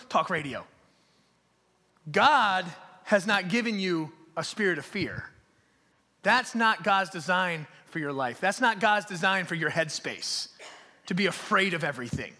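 A male pastor preaching a sermon live in a church hall, telling stories in an animated way and dropping to hushed, near-whispered emphasis. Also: sits high. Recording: long reverb of a large hall.

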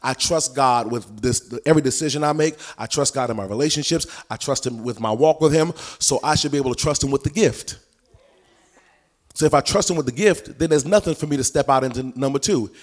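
A man teaching a prophetic training session in an animated, folksy preaching style, with punchy repetition and sudden sung or shouted phrases. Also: medium pitch, fairly quick. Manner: folksy colloquial delivery. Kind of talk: teaching sermon.

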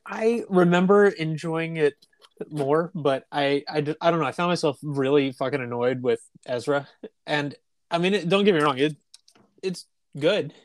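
A man co-hosts a casual podcast with a mid-pitched voice on a dry, close mic. He jokes, swears freely and stumbles through quick repeated restarts. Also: dry recording. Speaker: podcast co-host.

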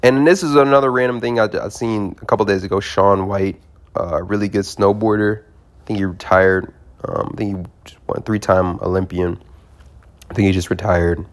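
A man's voice: on the low side, fairly even intonation, normal speed. A young man casually telling a rambling, profane story as a podcast host, often laughing and circling back on himself.

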